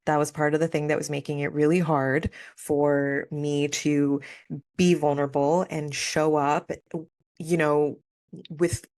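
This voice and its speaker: A young woman talks openly on her spiritual podcast, her low voice recorded close and dry. She speaks candidly and emotionally, with lots of casual fillers as she opens up to her listeners. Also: flat delivery, measured pace, darkish tone, no echo. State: near tears at times. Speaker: podcast host. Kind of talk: personal spiritual podcast monologue.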